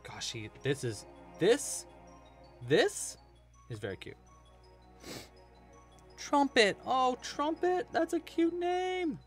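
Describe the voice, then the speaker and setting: A crochet teacher hosting a casual live crochet-along, chatty and enthusiastic, rambling a bit with restarts. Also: medium pitch. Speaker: crochet teacher and livestream host.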